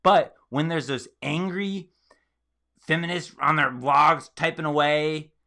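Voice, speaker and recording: A man's voice: on the high side, slow, pushed and bright. A man hosting a live stream, commenting on a video and acting out the quoted reactions of others with emphasis. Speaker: host.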